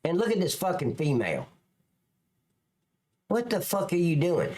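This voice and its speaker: Scornful swearing male commentator with lively pitch. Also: normal speed. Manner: sarcastic, scornful, swears constantly. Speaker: commentator reacting to police footage. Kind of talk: profane video commentary.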